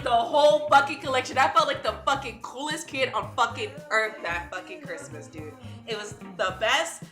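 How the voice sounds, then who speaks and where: A woman streamer with a stuffy nose, chatting casually and swearing often. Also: medium pitch. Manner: chatty, swears a lot, says "dude" often. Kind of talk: casual chat. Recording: echoey room with music playing.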